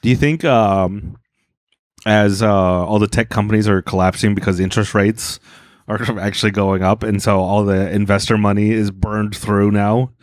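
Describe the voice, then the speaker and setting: A man's voice: on the low side, steady tone, moderate pace, dry recording, clean studio sound. A man co-hosting a podcast, joking and teasing in casual chat. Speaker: podcast co-host.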